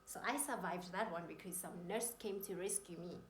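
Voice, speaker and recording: A woman's voice: lowish voice, normal speed, slight background noise. Earnest woman, roomy echo. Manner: earnest, emotional, faith-filled. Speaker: vlogger. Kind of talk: personal testimony. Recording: roomy echoey room.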